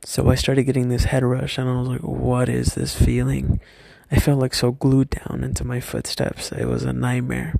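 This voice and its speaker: A young man telling a personal story from his school days, hesitant and halting, often stopping and restarting. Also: medium pitch, completely flat delivery, gravelly, dark tone, no room sound, studio quality.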